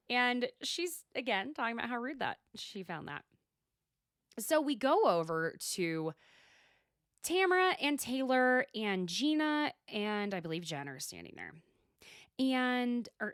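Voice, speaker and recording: Lively chatty woman podcaster, swears freely. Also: mid-range voice, normal speed, no echo, studio quality. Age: adult, mother. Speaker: podcast host. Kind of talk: casual solo recap chat.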